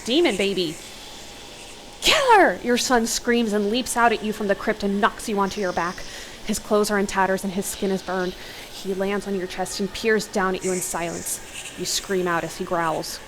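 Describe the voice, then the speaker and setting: A young woman reads an interactive horror novel aloud for a let's play, dramatic in tone and quick to break off with gasps and remarks. Her mid-range voice sits close on a desk mic, with a faint hiss of room noise underneath. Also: mid-range voice, little pitch movement, low-quality recording. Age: young adult. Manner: dramatic reading broken by startled gasps and comments.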